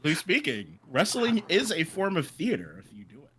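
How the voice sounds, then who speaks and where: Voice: medium pitch, wildly swooping pitch, a little fast, a bit bright, a little hiss or hum. A stream co-host chatting casually, easygoing and laughing often, often trailing off mid-sentence. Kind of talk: casual livestream chat.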